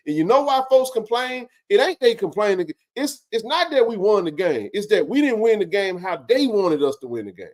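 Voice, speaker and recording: A man's voice: sits high, big pitch swings, moderate pace, few pauses. A man hosting a casual sports talk show, ranting passionately and swearing freely about his team's fans.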